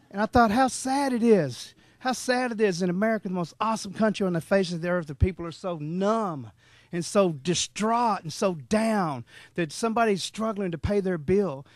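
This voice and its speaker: A middle-aged man tells a folksy, rambling story to a room, laughing as he goes. His voice sits fairly high for a man. The sound is close and dry. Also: a little fast, no room sound. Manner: animated, rambling, laughs often. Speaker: motivational speaker at a sales meeting. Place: meeting room.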